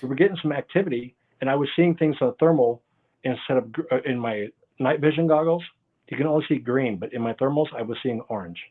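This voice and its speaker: A man's voice: medium pitch, fast. A man telling stories as an interview guest, rambling and often losing his train of thought, heard over a video call. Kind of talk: casual interview storytelling. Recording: tinny phone-like call audio.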